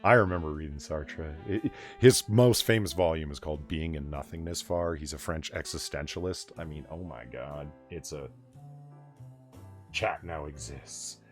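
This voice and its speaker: A man's voice: extremely low pitch, normal speed, soft background music. A man hosting a casual late-night livestream chat, rambling and swearing, laughing often. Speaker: livestream host of a late-night bar hangout.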